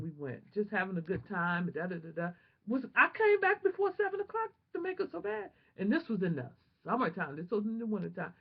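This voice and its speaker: A woman vlogger telling a personal testimony in an animated, emotional, prayerful way, on a dull lo-fi home recording. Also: medium pitch, breathy edge.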